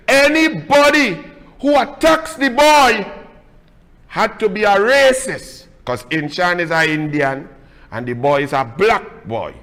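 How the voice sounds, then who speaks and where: Trinidadian male political host, scornful and emphatic, bright high timbre with a long room echo. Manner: mocking, emphatic, scolding. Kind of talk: combative political monologue.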